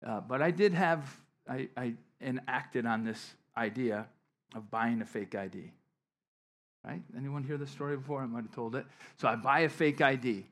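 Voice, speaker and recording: A middle-aged man from western New York preaching in a loose, storytelling way. His voice sits in a middle pitch, falling quiet for asides and climbing louder when he drives a point home. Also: moderate pace. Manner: conversational storytelling preacher, swings from soft asides to emphatic bursts. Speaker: pastor. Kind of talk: sermon.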